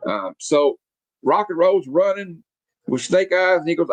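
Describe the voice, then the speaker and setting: A man's voice: a little high, lively intonation, a little slow, no room sound, lo-fi sound. A man in casual chat, walking listeners through a comic plot. He talks loosely with fillers and restarts, reading out the characters' lines. The sound is dry and close. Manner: rambling, with many fillers and restarts, quotes the characters. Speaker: comic review podcast co-host.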